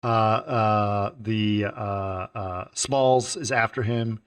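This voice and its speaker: A man co-hosting a casual film podcast, retelling comedy sketches with lively acted-out voices. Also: extremely slow, clean tone. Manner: animated storyteller, acts out sketch characters in a lowered voice. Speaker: podcast co-host.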